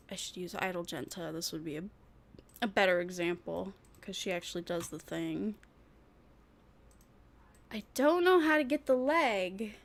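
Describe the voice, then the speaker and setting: A woman VTuber chatting casually on a livestream, rambling and thinking aloud with frequent giggles. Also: medium pitch. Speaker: VTuber streamer.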